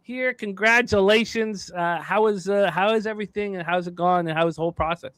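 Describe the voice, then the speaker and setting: A man's voice: high-pitched, steady tone, fairly quick, a bit bright. Rambling upbeat male betting show host. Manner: rambling, self-correcting, upbeat. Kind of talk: casual sports betting talk.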